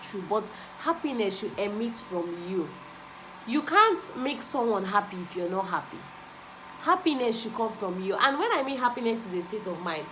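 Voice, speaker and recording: A woman's voice: mid-range voice, sharp tone, a little hiss or hum, low-quality recording. A young woman vlogger giving an emphatic, repetitive motivational talk and driving each point home. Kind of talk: motivational self-help talk.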